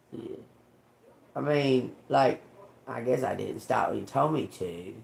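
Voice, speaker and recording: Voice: mid-range voice, slow, creaky, a little mellow, slight background noise. A tarot reader, rambling in casual livestream chat, laughing often and swearing heavily.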